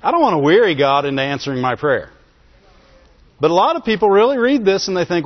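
A man preaching a sermon in a fairly high voice. He calls out "Amen?" to the congregation and repeats phrases to drive his points home. The recording sounds dull and lo-fi. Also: very animated, fast talker. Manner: asks the congregation for call-and-response "Amen?"; repeats phrases for emphasis and chuckles between points.

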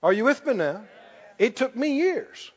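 Animated high-voiced preacher in a reverberant hall. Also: male voice, unhurried. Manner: animated storytelling with laughs and loud prayer bursts. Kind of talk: sermon. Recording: dull lo-fi sound with long hall reverb.

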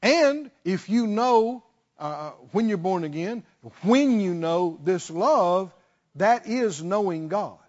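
Male pastor, high and expressive voice, call-and-response preaching, muffled recording. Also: slow pace. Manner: preaching with call-and-response, swinging from shouts to hushed tones. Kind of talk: sermon.

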